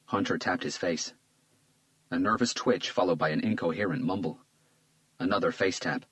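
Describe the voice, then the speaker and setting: A man reads a crime thriller aloud in a very deep, low voice. His delivery is measured and tense, steady through the action. He voices the lead detective in his own register. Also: dry recording, low-quality recording. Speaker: audiobook narrator. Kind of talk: scripted thriller narration.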